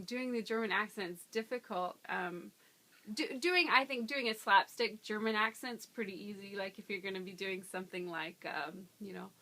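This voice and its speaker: A woman in her twenties, an actress, chatting casually in an interview, laughing often and filling pauses with ums. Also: mid-range voice, pushed and bright. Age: 20s.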